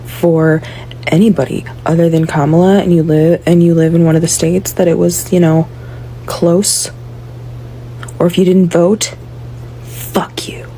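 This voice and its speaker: Woman with a low, dark voice, cold and deliberate, faint hum. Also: level tone, rough recording. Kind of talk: emotional video rant.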